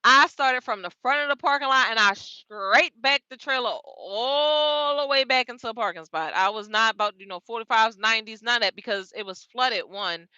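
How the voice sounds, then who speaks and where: A young woman, telling a casual story about her trucking day in an animated, slangy way, laughing often. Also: a little high, normal speed, hardly any pauses, no room sound, muffled recording. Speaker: truck driver vlogger.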